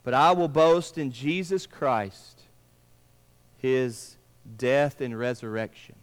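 A male pastor preaching a sermon, swinging between emphatic lines and hushed, drawn-out words. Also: medium pitch, smooth. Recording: long reverb of a large room.

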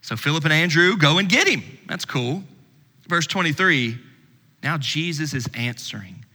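Bright-voiced pastor in reverberant hall. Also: male voice, fairly high pitch, normal speed. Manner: conversational preaching, swings from animated to hushed. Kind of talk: sermon. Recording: long reverb of a church hall.

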